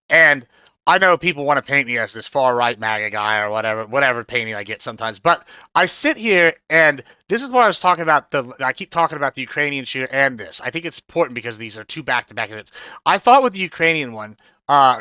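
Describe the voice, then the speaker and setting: A man's voice: mid-range voice, lively intonation, fast talker, bright, forceful tone, clean tone, no room sound. A man from Texas, a guest on a live stream panel, talking in a rambling, hesitant way. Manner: rambling, hesitant, many fillers and restarts. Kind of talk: casual opinion chat on a stream.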